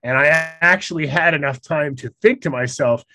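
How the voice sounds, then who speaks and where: A man's voice: fairly high pitch, moderate pace, pushed and bright. A man in a casual chat, recounting a hard outdoor trip with self-mocking humor and frequent laughter. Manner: laughs often, self-deprecating.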